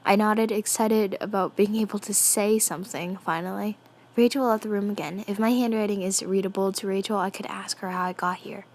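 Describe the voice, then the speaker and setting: Woman, mid-pitched, soft half-whispered reading, giggly asides. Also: fairly even intonation, brisk, a little hiss or hum. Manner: giggly, often breaks off to comment. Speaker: fan fiction reader. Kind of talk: reading a story aloud with reactions.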